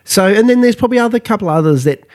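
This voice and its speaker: A man's voice: high-pitched, animated, very fast, a little mellow. A man from Queensland with an Australian accent, co-hosting a casual podcast chat, blunt and sweary, laughing often. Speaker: podcast co-host.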